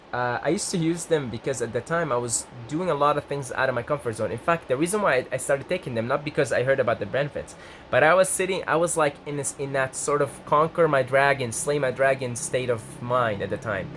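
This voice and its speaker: A young adult man talking casually to the camera as a vlogger, rambling with restarts and jumping up in pitch when he gets excited. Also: slight background noise. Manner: rambling, self-interrupting, lively pitch jumps when excited.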